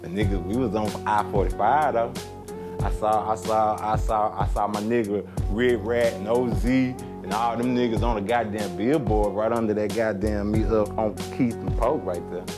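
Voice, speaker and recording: A man's voice: fairly low pitch, steady tone, moderate pace, over music. A man, a rapper talking brashly and profanely about the local scene. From Dallas, Texas. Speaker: rapper interviewee. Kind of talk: profane candid reminiscing, then rapping a verse.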